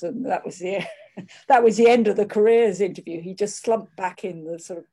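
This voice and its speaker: Older woman, warm mellow sound, careful candid way of talking, restarts a lot. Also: mid-range voice, breathy edge. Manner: measured, candid, frequent restarts. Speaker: interviewee. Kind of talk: reflective conversation.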